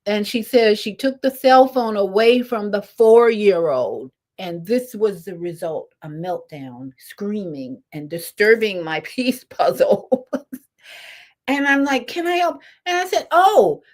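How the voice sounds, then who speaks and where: An older woman, a spiritual teacher, telling a story in an animated, lively way, her voice swinging between rises and soft drops. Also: mid-range voice, slow. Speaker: spiritual teacher leading meditation. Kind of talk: storytelling talk.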